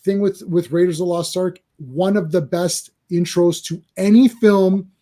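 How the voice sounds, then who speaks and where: A man's voice: sits high, normal speed, dark tone. A man ranting in casual movie chat, acting out quoted reactions. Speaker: podcast co-host.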